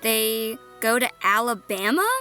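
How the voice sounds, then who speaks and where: A woman's voice: on the high side, a little slow, bright, forceful tone, faint music behind. A woman co-hosting a movie review in casual chat, with dry, sarcastic remarks.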